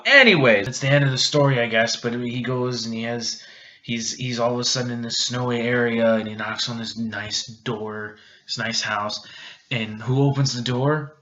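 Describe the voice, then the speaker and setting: Drunk guy, halting rambling plot retelling, bright sharp voice, muffled lo-fi recording, light hiss. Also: mid-range voice, steady tone. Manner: halting, rambling, many restarts and fillers. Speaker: video host.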